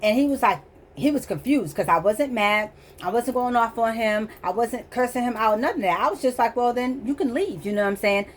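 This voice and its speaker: A woman tells a chaotic personal story straight to her audience, animated and laughing as she goes. Her voice sits a little high for a woman. She slips into quick impressions of the people she quotes. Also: slight background noise. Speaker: vlogger telling a personal story. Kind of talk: casual storytelling.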